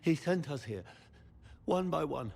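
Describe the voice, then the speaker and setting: An actor playing a dying, tortured male knight who is weak and in pain, speaking in a strained, gravelly whisper in halting, broken phrases. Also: on the high side, animated, full character voice. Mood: urgent, bitter. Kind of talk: video game voice acting.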